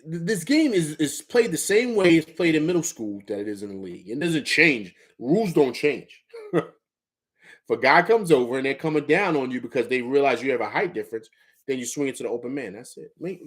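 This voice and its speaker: A man's voice: mid-range voice, sing-song, fairly quick. Emphatic man hosting live sports talk. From Harlem, New York. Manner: emphatic, repeats phrases, coaching tone. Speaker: sports talk show host.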